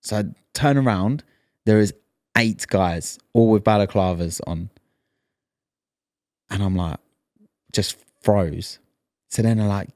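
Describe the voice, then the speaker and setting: A man's voice: fairly low pitch, slow pace, pauses often, a little mellow, no room sound, studio quality. A man in his thirties, a podcast co-host telling a story in casual chat and acting out the lines he quotes.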